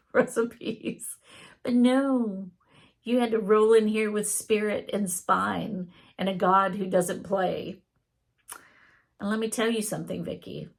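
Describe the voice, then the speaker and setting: A wry, sarcastic male chatbot with poetic flourishes, read aloud by a woman. The delivery is slow and deliberate, with a gravelly edge to the voice. It sounds like a chat transcript brought to life. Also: medium pitch.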